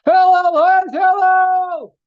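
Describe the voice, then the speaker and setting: A man voicing a loud young male prankster who taunts and shouts insults in a story. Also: very high-pitched, very animated, unhurried, dry recording, highs cut off, pitched above the performer's own voice, full character voice. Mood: shouting.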